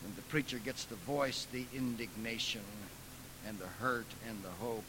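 Forceful, bright-voiced male preacher. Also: medium pitch, normal speed, slight background noise, low-quality recording. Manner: emphatic, swinging from soft asides to loud dramatic outbursts. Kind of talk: lecture-style preaching.

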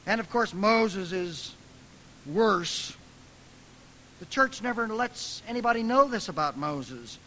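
Guy preaching, kinda high voice, gets soft then loud and dramatic. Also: lively intonation, slow pace, slight background noise, rough recording. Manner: emphatic, swinging from soft asides to loud dramatic outbursts. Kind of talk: lecture-style preaching.

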